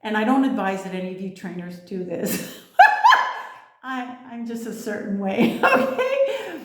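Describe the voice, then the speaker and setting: A woman's voice: medium pitch, normal speed, darkish tone. A woman giving a casual spiritual monologue, blunt and emphatic, swearing freely. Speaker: spiritual vlogger. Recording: echoey room.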